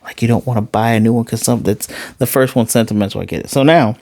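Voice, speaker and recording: A man recapping an anime episode in casual talk, animated and quick to slip into quoted voices. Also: medium pitch, dry recording. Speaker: anime reviewer.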